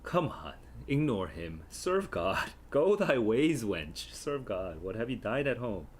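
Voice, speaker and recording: A weary old nurse, read out by a man, complaining of being out of breath and teasing with her delays. The delivery is lively, rising and falling. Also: on the low side, takes it slowly, breathy edge, full character voice. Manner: complaining, stalling.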